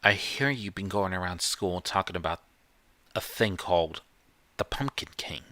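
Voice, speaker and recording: A man's voice: deep voice, normal speed, pushed and bright, no echo. A man voicing a condescending woman school counselor with a Southern US accent, talking down in a patronizing way. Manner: patronizing, talks down.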